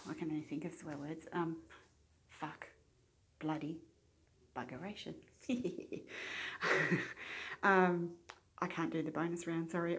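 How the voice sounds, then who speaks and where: A woman with a soft Australian accent that has a touch of English in it. She chats her way through accent-tag questions in a self-deprecating way. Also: deep voice. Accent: Australian, slightly English-tinged.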